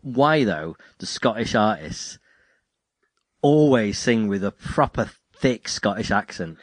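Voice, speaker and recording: A man talking in a fairly low voice as a podcast host, drifting through anecdotes with plenty of restarts and jokes. The sound is dry and close to the mic, with no room around it. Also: expressive, slow pace, no echo. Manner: rambling, self-interrupting, jokey. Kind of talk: casual chat about music.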